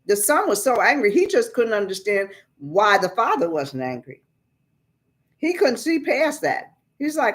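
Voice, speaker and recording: A woman's voice: a little high, very animated, measured pace. Plain-spoken woman teaching the Bible. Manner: plain-spoken, explains scripture in everyday words. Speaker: preacher.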